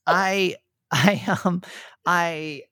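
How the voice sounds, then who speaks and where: A man's voice: high-pitched, very slow, pushed and bright, dry recording, clean studio sound. A man co-hosting a podcast, chatting casually, rambling and restarting his sentences and laughing easily. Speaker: podcast co-host.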